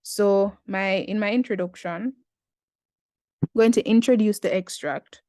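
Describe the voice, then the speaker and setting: A woman's voice: mid-range voice, a little mellow, no echo, studio quality. A Jamaican woman in her twenties, talking through an essay in a casual, chatty tutorial with slangy asides. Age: 20s.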